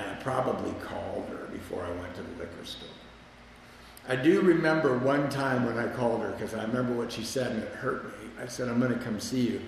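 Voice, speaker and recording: A man's voice: medium pitch, gravelly, slight background noise. A man telling a candid, self-mocking personal story about his past drinking, with wry humor. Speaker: speaker sharing a recovery story. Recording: echoey hall with long reverb.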